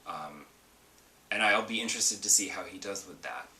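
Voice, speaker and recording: A man's voice: sits low, normal speed, bright, forceful tone, roomy sound, distant mic, a little hiss or hum. A man hosting a casual solo gaming podcast, chatty and rambling with lots of ums and asides. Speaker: podcast host.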